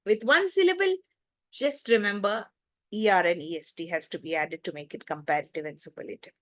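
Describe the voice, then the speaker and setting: A woman's voice: medium pitch, a little fast, fairly bright tone, no echo. A woman teaching an online lesson to children, explaining rules step by step and repeating word forms aloud. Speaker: English teacher.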